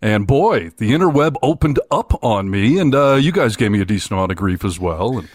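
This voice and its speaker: A man co-hosting a casual talk show from a room at home, easygoing and quick to laugh along with the banter. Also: lowish voice, lively intonation, no room sound, clean studio sound. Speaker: podcast co-host. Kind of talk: casual chat.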